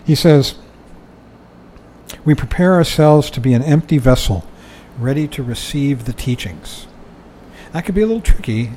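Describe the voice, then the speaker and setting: A man's voice: mid-range voice, lively intonation, moderate pace, dark tone, a little hiss or hum, poor audio. An older man giving a dharma talk, reading from a book and commenting in a conversational way, often chuckling and saying "you know".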